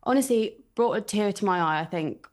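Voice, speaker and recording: A woman football reporter with a mid-pitched voice. She speaks with earnest enthusiasm and breaks the games down analytically, as if chatting with a host. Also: expressive, a little fast. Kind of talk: casual chat.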